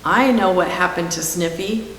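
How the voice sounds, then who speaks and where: A woman's voice: on the low side, moderate pace, fairly bright tone, close to an everyday voice. A woman voicing a pompous, self-assured male vegetable detective with grand, theatrical speech. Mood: confident. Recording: echoey hall with faint hiss.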